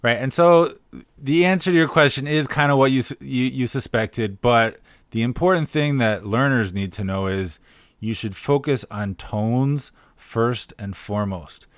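A man co-hosting a podcast, explaining things clearly with a dry sense of humor. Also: mid-range voice, measured pace, no echo. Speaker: podcast co-host. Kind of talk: casual podcast chat.

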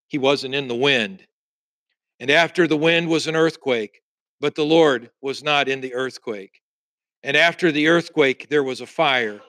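A man's voice: mid-range voice, a bit bright, dry recording. A male pastor preaching a sermon, reading scripture aloud and building emphasis through repeated refrains.

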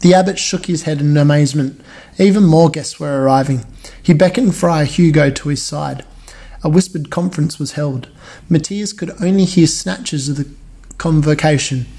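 A man reads a children's storybook aloud at a steady, measured pace and trips over the odd word. His voice sits somewhat high for a man, yet the tone is dark and mellow. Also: breathy edge. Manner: steady, measured, with occasional stumbles. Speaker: reader. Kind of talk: reading a children's novel aloud.

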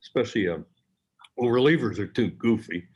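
Older man with a low husky voice. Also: fairly quick, a little mellow. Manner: storytelling, acts out quotes. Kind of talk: reminiscing conversation. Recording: dull lo-fi audio.

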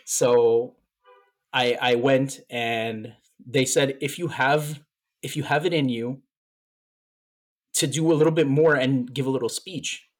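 A man's voice: mid-range voice, fairly even intonation, takes it slowly. A man co-hosting a podcast in casual chat, telling a long story with repeated words, emotional and a little out of breath. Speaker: podcast co-host.

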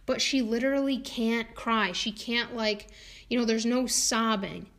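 A woman's voice: fairly high pitch, steady tone, measured pace, fairly bright tone. Chatty woman, lots of ums. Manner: chatty, many fillers and restarts, laughs often. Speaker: homeopath and podcast guest. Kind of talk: casual conversational talk.

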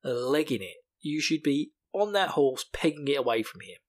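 A man's voice: medium pitch, sing-song, normal speed. A man voicing a cheeky young man who teases in a sarcastic tone. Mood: mocking. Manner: teasing, sarcastic.

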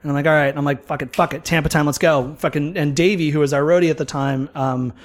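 A man's voice: on the high side, quick pace. A man telling a rambling tour story in casual chat, swearing freely and acting out what people said. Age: older than mid-twenties. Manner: profane, animated storytelling with acted-out quotes.

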